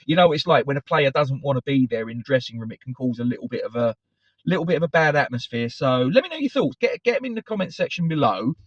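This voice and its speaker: A man's voice: mid-range voice, dry recording. Chatty man rambling on football. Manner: chatty, digressive, self-correcting. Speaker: football fan channel host. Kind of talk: casual rambling commentary to camera. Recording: dry, slightly dull recording.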